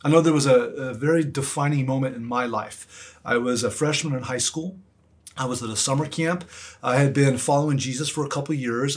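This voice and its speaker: A man delivers a sermon with a husky, slightly breathy voice. He preaches earnestly and presses his points through repetition, sitting at a middle pitch for a man. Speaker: pastor.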